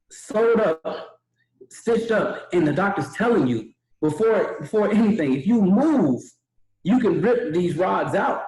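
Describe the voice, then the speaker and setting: A young man telling a motivational story at a training webinar, acting out the voices of the people in it. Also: fairly high pitch. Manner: animated, acts out quoted voices. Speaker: webinar speaker. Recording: echoey room.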